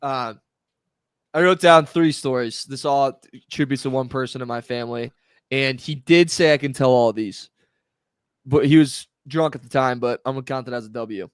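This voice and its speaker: A man's voice: mid-range voice, normal speed, smooth, no echo, studio quality. A man co-hosting a casual podcast, telling family stories and laughing through them. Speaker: podcast co-host. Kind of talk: casual storytelling chat.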